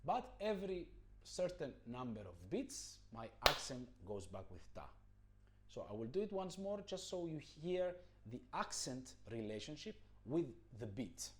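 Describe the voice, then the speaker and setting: Patient man with a lively voice. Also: measured pace, background noise. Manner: patient, explanatory, chants rhythm syllables loudly and high. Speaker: music teacher. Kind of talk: rhythm lesson with spoken counting syllables.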